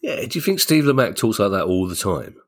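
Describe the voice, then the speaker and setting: A man's voice: on the low side, sing-song, brisk, husky. A man co-hosting a podcast in casual chat, enthusiastic and rambling. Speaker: podcast co-host.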